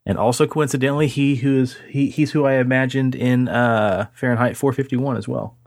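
A man's voice: medium pitch, fairly even intonation, fairly quick, creaky, darkish tone, no echo, studio quality. A man co-hosting a casual podcast, joking around, swearing, and rambling on a video call. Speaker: podcast co-host. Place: home setup on a remote call. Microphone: computer mic on a video call.

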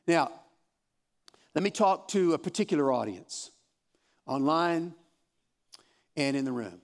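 A man's voice: fairly high pitch, expressive, measured pace, long pauses. A man in his fifties teaching a Bible study in a room with a live audience, speaking in an encouraging, folksy way and often repeating himself. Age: 50s.

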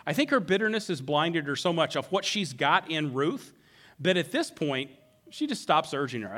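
A man preaching a sermon who acts out the characters' words in an animated way. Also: fairly high pitch, moderate pace. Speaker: pastor.

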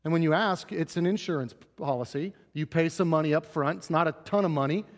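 Middle-aged pastor guy preaching, kinda high voice, chatty and joking at himself, big echoey church sound. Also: a little fast. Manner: conversational storytelling with self-deprecating humor. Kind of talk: sermon. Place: church sanctuary. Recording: echoey hall with long reverb.

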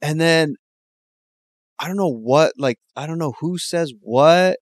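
Guy with kinda high voice, laughing a lot, telling a neighbor story, dry close mic. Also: slow pace, no echo. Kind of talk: casual storytelling chat.

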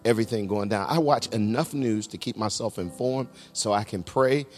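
A middle-aged man preaching a sermon as pastor, swinging between loud shouts and hushed low tones. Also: moderate pace, long reverb tail, soft background music. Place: large church sanctuary.

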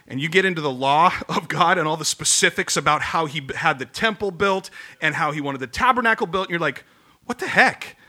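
A man's voice: high voice, sharp tone. A man giving a sermon as a pastor, telling the story casually and acting out the voices in quotes.

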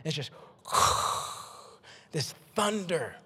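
A male pastor delivers a lively sermon, pitched a little high for a man, often repeating words to drive a point home and poking fun at himself. His voice rings out with a long reverb, as in a big church hall. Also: moderate pace. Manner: energetic, self-deprecating, repeats words for emphasis.

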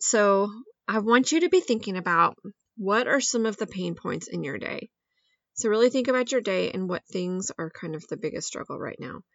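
A woman's voice: mid-range voice, creaky, a bit bright, no echo, highs cut off. Chatty upbeat woman podcast host. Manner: upbeat and chatty, many intensifiers. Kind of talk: casual podcast monologue.

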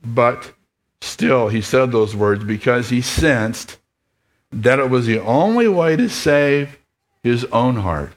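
A man's voice: medium pitch, lively intonation, slow pace. A male pastor preaching a sermon who reads a story aloud and speaks to his listeners in an earnest, reflective way.

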